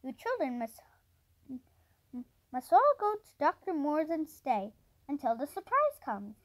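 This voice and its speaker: A kindly old grandfather in a storybook who speaks gently and teases a little, read by a woman. The voice stays high. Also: very animated, a little slow. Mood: gentle. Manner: gentle and teasing.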